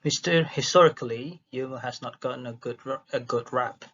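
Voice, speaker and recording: Husky man reading haltingly aloud. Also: mid-range voice, a bit bright. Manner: halting reading with restarts and stumbles. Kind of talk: reading a dialogue transcript aloud. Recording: dull lo-fi recording.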